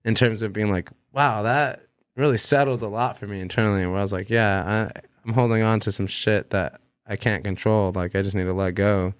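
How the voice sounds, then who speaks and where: A young man, a podcast guest, telling a long personal story in casual chat, animated and swearing freely as he acts out what he said. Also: lowish voice, fairly quick, clear, resonant tone, dry recording.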